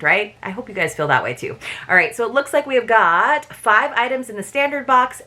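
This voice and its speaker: Lowish-voiced woman rambling thru an unboxing, chatty, lots of ums. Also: sharp tone. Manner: chatty, self-deprecating, rambling with fillers. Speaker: subscription box reviewer. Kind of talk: casual unboxing chat.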